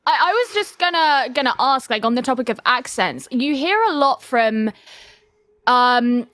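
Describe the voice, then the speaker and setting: A woman's voice: high-pitched, animated, moderate pace, fairly bright tone, no echo. A woman with a Southeast English accent co-hosting a casual podcast chat, thoughtful and sprinkled with fillers. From Southeast England. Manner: thoughtful, uses fillers like um and you know. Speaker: podcast co-host.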